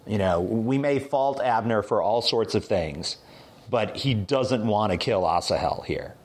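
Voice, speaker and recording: A man's voice: on the low side, measured pace. A man leading a conversational Bible study, retelling a story with lots of fillers and restarts. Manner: animated retelling with hesitant fillers. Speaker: Bible teacher.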